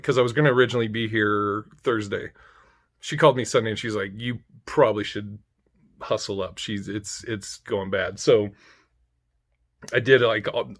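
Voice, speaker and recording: A man with a mid-range voice casually tells a darkly funny personal story, wry and profane, now and then breaking into loud mock outrage.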